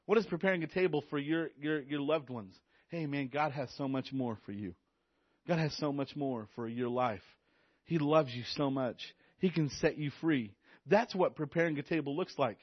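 Excited youth pastor preaching, stammering. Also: male voice, on the high side, moderate pace, dry recording, lo-fi sound. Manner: enthusiastic, repetitive, stammers on restarts. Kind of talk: sermon.

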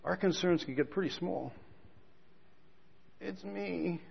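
A man preaching a sermon, telling stories with quiet asides that build to loud outbursts. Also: high-pitched, takes it slowly, gravelly, breathy edge. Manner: storytelling, swings from quiet asides to shouting. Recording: dull lo-fi recording with a long hall reverb.

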